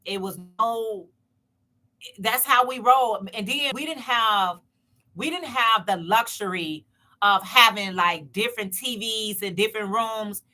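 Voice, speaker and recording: A woman with a bright, ringing voice hosts a casual live stream from home. She talks in a loose, chatty way, circling back over her own phrases and calling out to her viewers as she goes. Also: on the high side, a little slow. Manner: chatty, repeats herself, speaks straight to viewers. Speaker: channel host.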